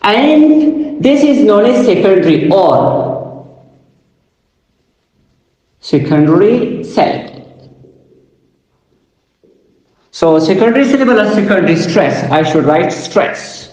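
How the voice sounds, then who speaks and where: A man giving a slow lecture on phonology, repeating example words aloud. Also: high voice, lively intonation, a little mellow, dull audio. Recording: echoey room with long reverb.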